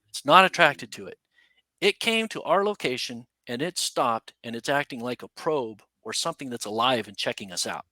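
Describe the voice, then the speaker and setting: A man guesting on a podcast, telling a story casually in a rambling, animated way full of asides. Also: medium pitch, no room sound. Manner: animated, rambling, with many "you know" and "right?" asides.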